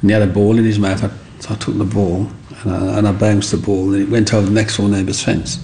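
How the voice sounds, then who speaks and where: A man's voice: fairly low pitch, flat delivery, quick pace, warm tone, slight background noise, rough recording. A man, earnestly recalling his childhood in a rambling, heartfelt way. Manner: rambling, earnest, with frequent asides. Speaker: interviewee. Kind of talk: reflective storytelling.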